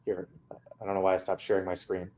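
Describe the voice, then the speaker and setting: A man's voice: low-pitched, completely flat delivery, brisk, mellow. A man coaching a student through feedback on her mock interview, candid and casual.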